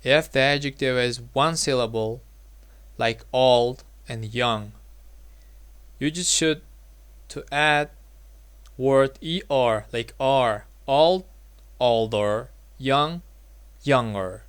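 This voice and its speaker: A man gives an English grammar lesson at an unhurried, deliberate pace, repeating each example and checking in with a quick "yeah?". His voice is smooth and clear, at a middle pitch, recorded close with no room sound. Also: fairly bright tone, dry recording. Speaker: English teacher. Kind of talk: slow explanatory grammar lesson.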